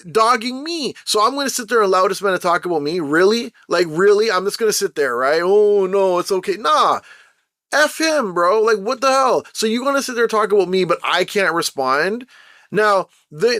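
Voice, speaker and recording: A young man hosts his own show and vents in an animated, slang-heavy monologue. His voice sits high and sounds bright and forceful. The recording is dry and close. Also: dry recording. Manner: animated, irritated storytelling with slang. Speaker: podcast host. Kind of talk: casual monologue rant.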